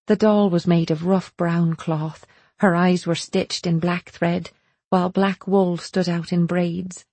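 A woman narrates a first-person story for an audiobook in a steady, measured reading. Her voice is lowish, dark and husky. The recording is dry and close. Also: no echo.

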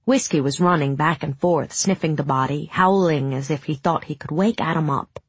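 A woman reading a story aloud in measured, dramatic audiobook narration. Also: sits low, breathy edge, no room sound.

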